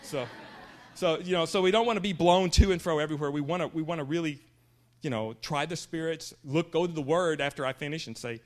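A man's voice: a little high, brisk. A middle-aged man giving a church sermon in a rambling, conversational way, often restarting his sentences. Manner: rambling, conversational, self-interrupting. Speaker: church speaker.

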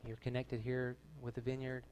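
A man's voice: medium pitch, completely flat delivery, moderate pace, a little mellow, a little hiss or hum. A man, a pastor, delivering a sermon to his church in an earnest, conversational way. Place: church gathering.

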